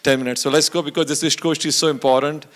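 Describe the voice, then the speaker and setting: Fast-talking man making announcements. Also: fairly high pitch, steady tone, fairly bright tone. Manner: fast, loose announcing with fillers. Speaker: event organizer. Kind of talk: announcements to a gathering. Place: temple hall.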